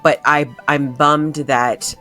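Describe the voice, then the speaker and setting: A woman with a low, dark-pitched voice hosting a book club chat. She talks casually and animatedly, often laughing. Faint music plays behind her. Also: level tone, takes it slowly. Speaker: podcast host.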